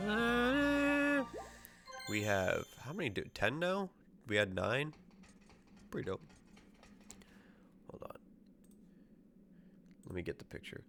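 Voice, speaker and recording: A man streaming a video game, chatting casually, excitable and swearing a lot as he jokes along. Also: medium pitch, measured pace, pauses often, faint music behind. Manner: excitable, profane, joking. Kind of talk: casual gameplay chat.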